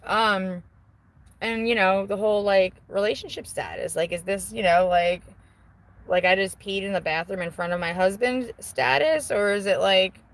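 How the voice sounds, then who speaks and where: A woman's voice: medium pitch, normal speed, rough recording. A woman in her forties chatting casually on a live stream from a car, candid and self-mocking, swearing freely. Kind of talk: casual rambling chat. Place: inside a car with the window open. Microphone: handheld phone.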